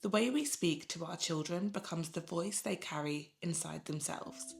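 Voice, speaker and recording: A mother gives a scripted, reflective voice-over about motherhood, speaking in a gentle, unhurried and soothing way. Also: lowish voice, gravelly. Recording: voice-over with music playing underneath.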